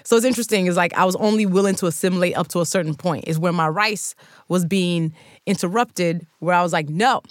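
A woman from Nigeria, an author, telling lively stories in an interview and acting out what others said. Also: on the low side, quick pace, no room sound, studio quality. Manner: lively storyteller, acts out quoted voices.

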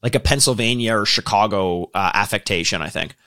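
A man's voice: fairly low pitch, a little fast, bright, forceful tone. A Canadian man co-hosting a podcast, chatting casually with lots of restarts, laughs and swearing. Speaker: podcast co-host. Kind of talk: casual podcast chat reviewing a show.

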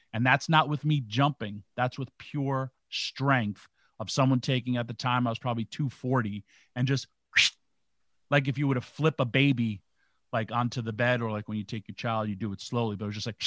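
A man's voice: mid-range voice, no echo. A man with a mid-range voice tells an earnest, emphatic story in a casual chat. His voice sounds dry and close, with no room around it. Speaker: podcast co-host, former wrestler.

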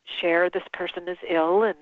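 A woman organizer telling an embarrassing story in a casual interview, animated and quick to laugh. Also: lowish voice, no echo. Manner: animated, laughs often, restarts sentences. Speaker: event organizer, guest. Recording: tinny phone line.

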